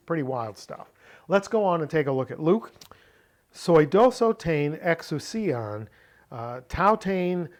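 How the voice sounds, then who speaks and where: Slow, deliberate male Greek tutor. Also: a little high, darkish tone. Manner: slow, deliberate reading with frequent fillers. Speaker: biblical Greek teacher. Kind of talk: lesson.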